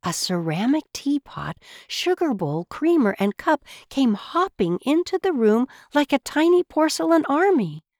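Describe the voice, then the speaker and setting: Slow, expressive woman storyteller. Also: high voice, no room sound, clean studio sound. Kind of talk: storybook read-aloud narration.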